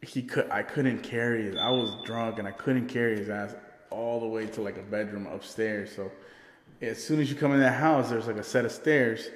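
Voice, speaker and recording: A man's voice: on the low side, steady tone, moderate pace. Profane rambling man in an echoey room. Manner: rambling, profane, laughs often. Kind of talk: casual chat. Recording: roomy with long reverb.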